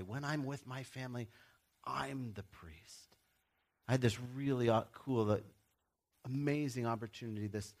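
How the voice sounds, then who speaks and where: A man's voice: medium pitch, a bit bright. A middle-aged man preaching a sermon as a pastor, speaking directly and emphatically to his listeners, with joking asides.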